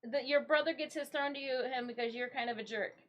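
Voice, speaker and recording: A woman from Michigan chats casually on her live stream. Her voice sits a little high for a woman. She greets viewers, rambles and talks to her cats. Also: steady tone, a little fast, a bit bright.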